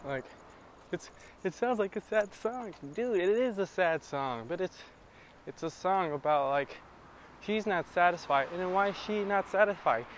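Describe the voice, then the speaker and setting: A man's voice: high voice, expressive, moderate pace, slight background noise. Profane rambling man talking in a car. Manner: profane, rambling, scats and sings improvised blues. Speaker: podcast host. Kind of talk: casual solo podcast rant.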